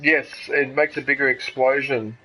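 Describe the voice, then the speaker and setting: Chatty Australian gaming host. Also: male voice, mid-range voice, moderate pace, a little hiss or hum, low-quality recording. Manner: excitable, chatty, laughs at own jokes. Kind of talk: casual gameplay commentary.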